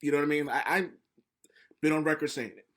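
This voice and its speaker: Young male podcast co-host, casual and profane, slightly high voice, animated storyteller. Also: fast.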